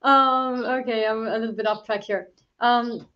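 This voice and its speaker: A woman with a somewhat high voice joins a video call as an astrologer co-host. Her first language is Spanish, and she talks hesitantly, filling pauses with ums. The audio sounds dull and lo-fi. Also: steady tone. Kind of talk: casual chat on a livestream.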